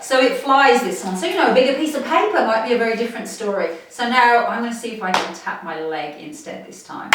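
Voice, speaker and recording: A woman guides a playful movement class from her chair, talking warmly and laughing as she goes. Her voice rises and falls a lot, and it rings in a very echoey room. The mic sits some way off. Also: a little high, distant mic, background noise. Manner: encouraging, laughs often, chatty while moving. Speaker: movement instructor. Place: home room, seated on a chair.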